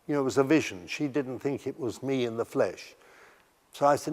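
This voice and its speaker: An older man telling stories from his life in a documentary interview, halting and often restarting his sentences. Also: medium pitch, darkish tone, big-room sound. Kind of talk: recounting memories in a documentary interview.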